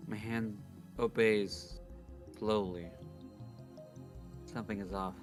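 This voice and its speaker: A man's voice: fairly low pitch, flat delivery, slow, faint music behind. A man streaming a visual novel, reading its first-person narration aloud dramatically. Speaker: game streamer.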